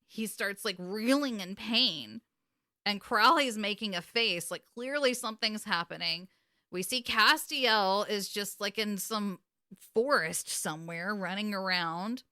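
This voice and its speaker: A podcast co-host recaps events casually, her retelling emotional, animated, and full of swearing. Her voice is medium-pitched and her pace measured. The sound is clean studio audio without echo.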